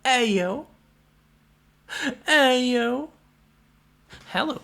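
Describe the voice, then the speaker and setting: A woman's voice: high-pitched, animated, extremely slow, creaky, fairly bright tone. A young woman streaming live, chatting casually with viewers, thanking them and swearing freely.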